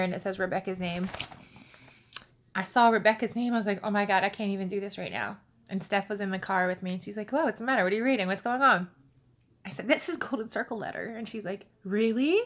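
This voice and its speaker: Woman, casual storyteller to camera, chatty and animated, lots of fillers. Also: mid-range voice. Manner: chatty, animated, many fillers and acted-out dialogue.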